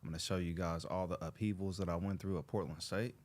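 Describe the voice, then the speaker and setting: Animated, slangy man telling a story. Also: deep voice, quick pace. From Los Angeles. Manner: animated, slangy storyteller who acts out quoted people. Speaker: show host. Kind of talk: casual storytelling to an audience.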